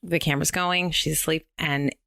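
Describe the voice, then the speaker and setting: A young adult woman with a low voice recaps a film in casual podcast chat. She tells the story animatedly and slips into the characters' lines, full of fillers. Her sound is dry and close. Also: fairly even intonation, normal speed, vocal fry, sharp tone, no room sound.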